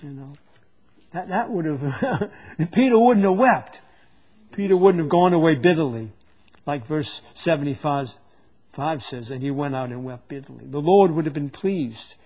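A man's voice: fairly high pitch, lively intonation, moderate pace, darkish tone. A man preaching a sermon to a live congregation, teaching from the Bible and often stopping to repeat words as he searches for them.

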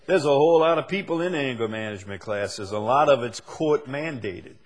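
A man's voice: mid-range voice, animated, brisk. A male preacher giving a sermon, asking the same question again and again and building to emphatic peaks.

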